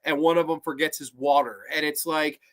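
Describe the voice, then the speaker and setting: Male host, high bright voice, enthusiastic casual reviewer. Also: steady tone, brisk. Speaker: podcast host.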